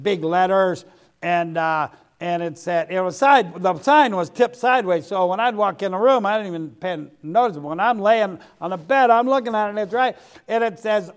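A man's voice: sits high, smooth. A middle-aged man preaching a sermon in a folksy way, dropping frequent amens to the congregation. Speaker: pastor.

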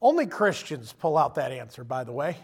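A man preaching a sermon in a conversational, animated way, acting out quotes as he goes. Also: medium pitch, moderate pace, husky.

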